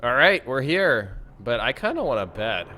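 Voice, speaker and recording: A man's voice: mid-range voice, big pitch swings, moderate pace, pushed and bright, slight background noise. A man giving casual let's-play commentary while he plays, chatty and self-mocking, thinking aloud. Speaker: gameplay commentator.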